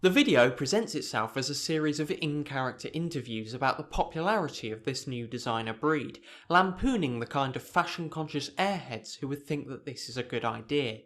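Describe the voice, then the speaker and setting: A man's voice: medium pitch, expressive, fairly quick, few pauses, fairly bright tone. A young man narrating a scripted video essay in a dry, sardonic manner.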